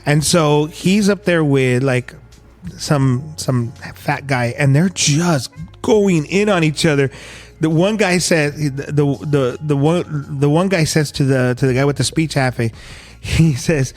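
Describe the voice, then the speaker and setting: Higher-voiced man rambling casually. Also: darkish tone, soft background music. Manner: rambling, halting, full of fillers. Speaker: podcast co-host. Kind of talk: casual chat.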